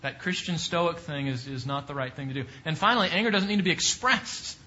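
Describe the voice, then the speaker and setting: A man's voice: on the high side, animated, brisk, sharp tone, highs cut off. A man teaching a Bible class, preaching emphatically and repeating points with rising questions.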